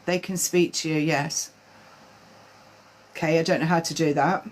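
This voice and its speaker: A woman medium giving live-stream spiritual readings, talking in a halting way with many fillers and restarts. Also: low-pitched, fairly even intonation, slight background noise.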